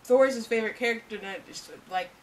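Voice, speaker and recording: A woman co-hosting a casual movie review chat, gushing and trailing off softly. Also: a little high, quick pace, far from the mic, low-quality recording. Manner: gushing, trails off softly, bursts into loud impressions. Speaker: co-host of a movie review show. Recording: voice from away from the mic.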